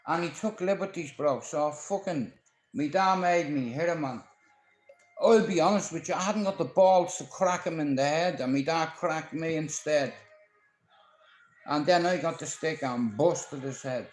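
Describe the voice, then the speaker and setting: A man's voice: on the high side, measured pace, reverberant, low-quality recording. Profane Dublin man ranting on a livestream. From Ireland. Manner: profane, confrontational, storytelling. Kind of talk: rambling live-stream monologue.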